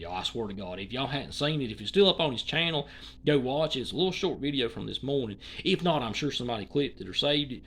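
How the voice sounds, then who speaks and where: A YouTuber, rambling through an indignant opinion commentary and swinging between loud and hushed talk. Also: medium pitch, slightly rough.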